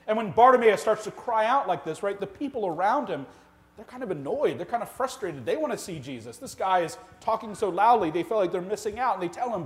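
A man preaching a sermon as the pastor of his church, earnest and full of rhetorical questions, swinging from loud emphasis to quiet, slow lines. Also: high-pitched, expressive. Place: church sanctuary.

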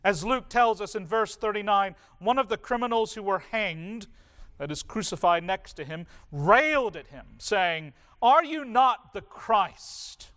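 A man preaching a sermon in a slow, deliberate way, with dramatic pauses between phrases. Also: high voice, pushed and bright. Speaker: pastor.

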